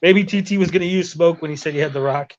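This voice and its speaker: A man on a podcast call, his voice fairly high for a man and a bit dull and lo-fi. He tells his stories with animated energy, swearing freely and jumping into other people's voices. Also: fast. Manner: animated, profane, acts out others' lines. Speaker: podcast host. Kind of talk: casual chat, storytelling. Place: hotel room.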